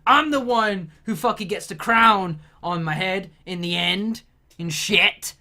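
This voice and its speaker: A woman's voice: medium pitch, measured pace, sharp tone, slight background noise. A woman delivering a sweary, exasperated comedic rant.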